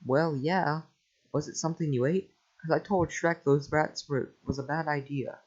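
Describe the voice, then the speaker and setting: A man voicing an excitable male talking donkey in a casual script reading, chatty and quick to panic. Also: a little high, lightly acted. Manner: jittery, chatty, yelps in panic. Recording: lo-fi home mic.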